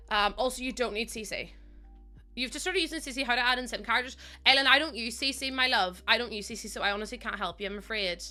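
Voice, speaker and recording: A young woman live streaming, thinking aloud as she builds and warmly thanking viewers by name. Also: mid-range voice. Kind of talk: casual live-stream chat while building in a game.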